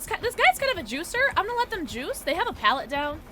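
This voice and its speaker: Over music, a woman talks fast in a very high, sing-song voice during a live home stream. She chats with viewers and reacts to her gameplay, bubbly and peppered with playful slang.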